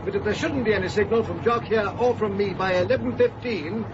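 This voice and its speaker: An actor playing a confident, breezy special agent hero in a 1940s-style radio drama. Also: male voice, high voice, a little fast, crowd noise, natural voice. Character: brisk brave male special agent hero. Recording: dull old radio recording with loud hiss.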